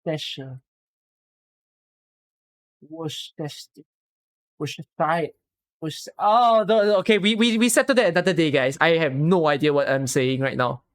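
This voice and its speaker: Speaking in a deep voice with a Singaporean English accent, a Singaporean woman rambles casually to viewers on her live stream, breaking into excited exclamations. She talks quickly, with hardly any pauses.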